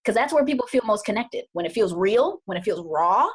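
A woman couples therapist explains her method in a relaxed podcast conversation. Her voice is slightly husky and sits at an ordinary pitch. She speaks earnestly and thoughtfully, often doubling words for emphasis. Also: a little fast. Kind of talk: casual podcast discussion.

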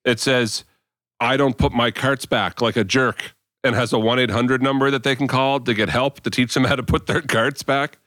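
A man's voice: medium pitch, steady tone, normal speed, fairly bright tone, dry recording. An enthusiastic man co-hosting a podcast, chatting about a video in a plain mid-range voice. The recording is dry and close. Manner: enthusiastic, recounts viral videos with laughs. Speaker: podcast co-host. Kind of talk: casual chat.

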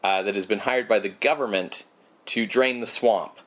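A man co-hosts a podcast with a lowish, fairly bright voice at normal speed. He rambles through a casual movie recap, packed with fillers and sarcastic asides.

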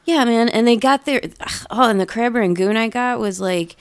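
A woman in casual chat, telling an animated story about a bad takeout order, swearing freely. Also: on the high side, moderate pace, smooth, no room sound. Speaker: podcast co-host; food industry worker.

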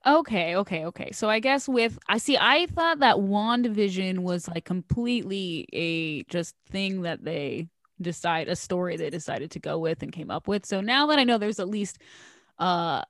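Expressive woman on a dry close mic. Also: moderate pace, no room sound. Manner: expressive, jumps up in pitch for quoted voices, trails off softly. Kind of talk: casual chat about TV shows.

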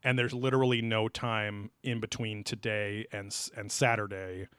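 A man's voice: on the low side, level tone, moderate pace, a bit bright, clean tone, no room sound. A man co-hosting a casual podcast, rambling and joking with many fillers and restarts. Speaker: podcast co-host.

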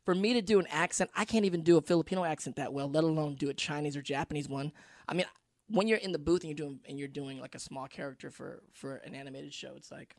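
A man's voice: a little high, quick pace, vocal fry, darkish tone, no room sound, clean studio sound. A man, an actor, talking earnestly in a casual podcast chat, thinking aloud with restarts. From United States. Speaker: actor guest.

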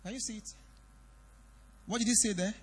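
A pastor preaching a sermon in a church hall, swinging between loud declarations and quiet confiding. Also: male voice, sits high, steady tone, moderate pace, slightly rough. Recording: long reverb of a church hall.

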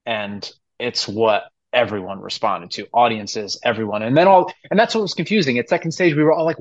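A man's voice: medium pitch, brisk, few pauses, dry recording, muffled recording. A man in his forties, a musical theater actor guesting on a podcast, talking earnestly and emotionally with many restarts. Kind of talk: casual interview chat.

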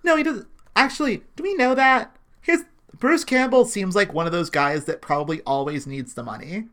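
A woman in casual podcast banter, tossing in wry jokes and puns. Her pitch moves around a great deal, giving her talk a lively, bouncing lilt. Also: normal speed. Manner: wry quips and punny asides. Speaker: podcast co-host. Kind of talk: casual chat.

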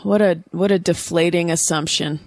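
A woman's voice: lowish voice, fairly even intonation, moderate pace, a little mellow, no room sound. A woman from Oakland, California, hosting a podcast and joking her way through a casual phone chat. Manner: joking, playful, breaks into silly voices. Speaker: podcast host.

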